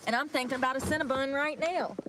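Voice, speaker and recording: A woman's voice: high-pitched, steady tone, quick pace, noisy background. A breathless woman, rambling and cursing freely as she vlogs live outdoors in the snow by a river on a handheld phone. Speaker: vlogger. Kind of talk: casual livestream chat.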